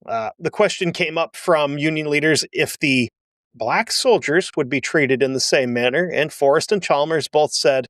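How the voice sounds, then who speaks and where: A man's voice: on the high side, expressive, moderate pace, no echo, clean studio sound. A man hosting a history show, telling the story casually with blunt, sarcastic asides. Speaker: history podcast host.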